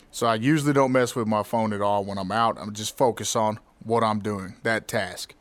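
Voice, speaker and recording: A man hosting a podcast, telling a personal story in a reflective, candid way with halting restarts. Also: on the low side, steady tone, no room sound. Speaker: podcast host.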